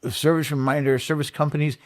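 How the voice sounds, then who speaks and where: A dealership marketing consultant, appearing as a guest in a casual business interview, earnestly explains his sales method at a quick pace. His voice is fairly high with little pitch movement, and he keeps restarting, repeating himself, and acting out sales letters.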